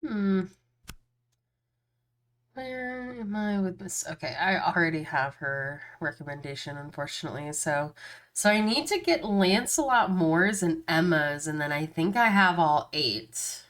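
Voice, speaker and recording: A woman's voice: on the low side, expressive, unhurried, a bit bright. A woman streaming a game, musing aloud casually as she reads through the options. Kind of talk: casual gameplay commentary.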